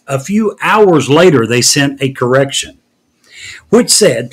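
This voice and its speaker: A man's voice: medium pitch, animated, takes it slowly, breathy edge. A man hosting a casual news podcast, recounting stories in a wry way. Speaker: podcast host.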